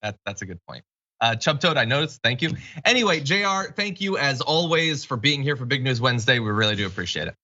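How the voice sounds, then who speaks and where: Running a casual news show online, this host keeps things light with wry humor and quick asides, his delivery lively and bright. For a man his voice sits slightly high, and the stream's audio comes across as somewhat dull and lo-fi.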